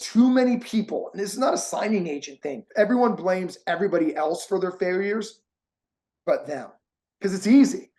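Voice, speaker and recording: A man's voice: sits high, expressive, normal speed, mellow. Heartfelt encouraging male interview host. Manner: heartfelt, encouraging, gets emotional. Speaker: host and course creator. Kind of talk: emotional interview talk.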